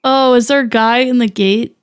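A woman co-hosting a podcast in casual, playful chat, quick to laugh and trade jokes. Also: fairly high pitch, fairly even intonation, clean tone. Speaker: podcast co-host.

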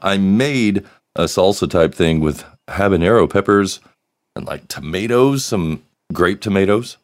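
A man's voice: low voice, animated, measured pace. A man hosting a live solo podcast, rambling and joking with crude humor. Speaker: podcast host.

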